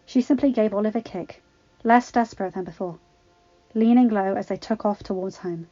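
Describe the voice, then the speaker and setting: Woman reading a story, dull lo-fi sound. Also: mid-range voice. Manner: steady, expressive reading. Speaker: audiobook reader. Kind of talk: storybook narration. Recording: dull lo-fi recording with faint music.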